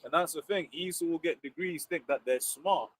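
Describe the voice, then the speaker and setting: A man's voice: a little high, a bit bright, breathy edge. A man on a casual livestream, talking loosely and laughing along with his co-host. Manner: loose, chatty, quick to laugh and agree. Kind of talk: casual chat.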